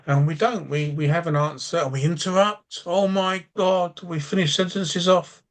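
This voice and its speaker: A man's voice: sits high, steady tone, moderate pace. Blunt, rambling man on a podcast. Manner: blunt, swears for emphasis. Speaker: driving instructor and coach. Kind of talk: casual podcast chat.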